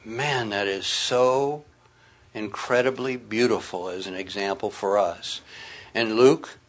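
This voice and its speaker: A man's voice: on the low side, slow. A middle-aged man preaching a sermon, reading scripture aloud and speaking with earnest emphasis.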